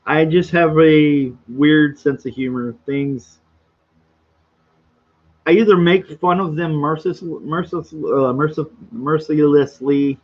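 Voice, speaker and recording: A man chatting on a livestream in a rambling, boisterous, self-mocking way, his voice pitched a little higher than most men's and a touch hoarse. The sound is dull and lo-fi. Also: steady tone, takes it slowly. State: slightly hoarse throat. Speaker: livestream host reading chat. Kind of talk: casual livestream chat.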